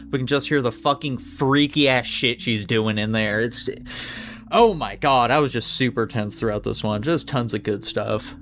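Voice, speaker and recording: A man in the middle of a casual podcast chat, picking apart a horror movie. His pitch sits in a plain middle range, and he talks loosely, swearing freely and leaning on "like" over and over. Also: a bit bright. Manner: loose and swearing, lots of "like" fillers. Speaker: podcast co-host.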